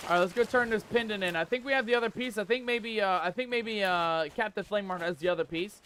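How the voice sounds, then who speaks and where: A man's voice: sits high, fast, pushed and bright, slight background noise. A man streaming a pirate game who reads the chat aloud and talks in playful pirate slang. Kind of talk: live gameplay commentary. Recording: music playing under voice.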